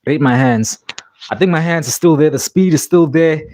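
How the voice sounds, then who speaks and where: A man's voice: on the high side, moderate pace, a little mellow, slight background noise. A man on a livestream, out of breath and boasting to his chat. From South Africa. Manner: boastful, talking straight to chat.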